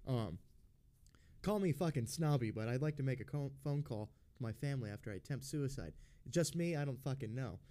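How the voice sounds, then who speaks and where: A man hosting a podcast, telling a personal story in a casual, blunt and rambling way, swearing constantly and filling pauses with ums and uhs. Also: mid-range voice, animated, warm tone. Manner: profane, blunt and rambling, with frequent fillers. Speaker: podcast host.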